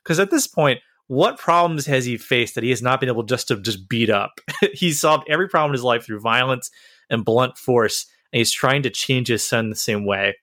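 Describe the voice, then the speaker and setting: A man's voice: medium pitch, moderate pace, a bit bright, no echo, clean studio sound. A man in casual podcast chat, earnestly and animatedly retelling a story.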